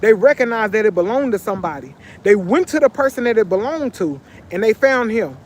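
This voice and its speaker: A man vlogging, telling a story in casual, animated slang with lots of repetition, sitting on a bench. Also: sits high, fairly quick.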